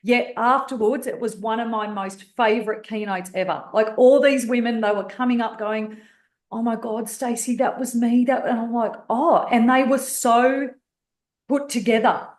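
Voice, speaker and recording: A woman's voice: fairly high pitch, moderate pace. Blunt Australian woman in an echoey room. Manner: blunt, swears freely, animated storyteller. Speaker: guest speaker and author. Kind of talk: candid podcast storytelling.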